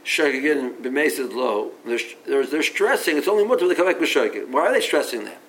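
Animated and fairly quick, a man with a medium-pitched, fairly bright voice delivers a Talmud study lecture, reasoning aloud and mixing English with Aramaic and Hebrew terms. He repeats words as he restarts sentences, in a low-quality recording with a little hiss or hum.

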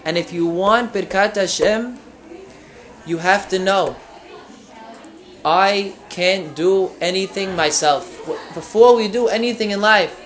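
High-voiced man giving a Torah talk. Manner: animated storyteller, quick asides, rising emphasis. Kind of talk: Torah lecture with storytelling.

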